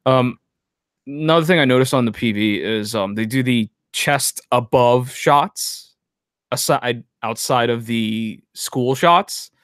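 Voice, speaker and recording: A man's voice: mid-range voice, takes it slowly, a bit bright, dry recording, clean studio sound. Blunt, opinionated male co-host. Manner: blunt, opinionated, chatty with fillers. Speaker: podcast co-host. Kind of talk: casual chat reviewing music videos.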